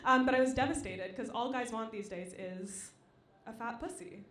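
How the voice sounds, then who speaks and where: A young woman doing a stand-up comedy set on a club stage, dry and deadpan between loud acted-out quotes. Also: on the high side, moderate pace. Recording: echoey live venue.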